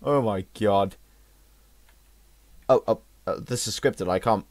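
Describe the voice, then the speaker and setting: A young man giving let's-play commentary on a horror game, jumping and exclaiming loudly when startled. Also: lowish voice, a little slow, long pauses, no room sound. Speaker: gaming channel host.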